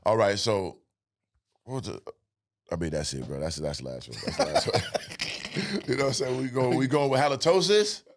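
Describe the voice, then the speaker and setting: A man's voice: fairly low pitch, lively intonation, a little fast, long pauses, background noise. A young man, hosting a crude, joking podcast chat. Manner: joking, profane, puts on silly voices. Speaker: podcast host. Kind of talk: crude casual banter.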